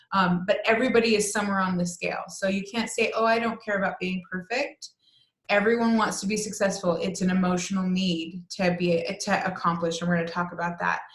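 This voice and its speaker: A woman's voice: medium pitch, a bit bright. Earnest woman coach, roomy sound. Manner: earnest, conversational, frequent "right?" check-ins. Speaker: coach teaching a transformation course. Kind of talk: online class talk. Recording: roomy echo.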